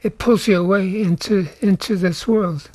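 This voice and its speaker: An older man from the United States answers interview questions in a soft-spoken, halting way, often repeating words as he thinks. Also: sits high, steady tone, no echo. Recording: faint music underneath.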